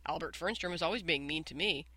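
A man's voice: fairly high pitch, fast talker, pushed and bright, breathy edge, dry recording, heavily acted. A man reading aloud and voicing a doubtful schoolboy who complains about a classmate. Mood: grumbling.

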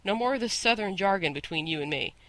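A man's voice: high-pitched, expressive, fast talker, bright, forceful tone, no echo, heavily acted. Storybook horse: haughty male war horse, lecturing and lofty, dry close read by a male reader. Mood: scornful. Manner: scornful, lecturing, grand. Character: proud talking male war horse, bossy.

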